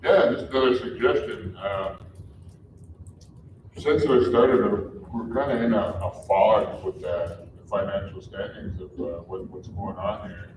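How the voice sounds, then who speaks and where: A man's voice: fairly low pitch, a little slow, noisy background. A man on a council speaking plainly and making suggestions. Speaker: council member. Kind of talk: council meeting remarks. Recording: echoey, distant, muffled.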